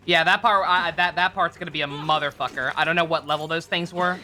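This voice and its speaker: Casual game streamer, mid-pitched and bright, rambling commentary with swearing and laughter. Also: steady tone, quick pace. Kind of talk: casual let's play commentary.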